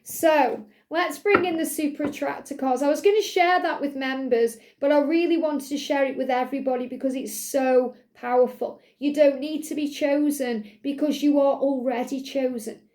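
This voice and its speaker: A woman's voice: sits high, moderate pace, hardly any pauses, darkish tone. A woman hosting a spiritual video, telling a heartfelt personal story in an earnest, emotional way. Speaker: spiritual channel host. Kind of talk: casual spiritual talk to viewers.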